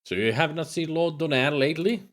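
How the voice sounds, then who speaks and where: A man voicing a polite, concerned male doctor in a put-on Scottish accent, with a slow, deliberate delivery. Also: fairly high pitch, a bit bright, voice pushed up, lightly acted.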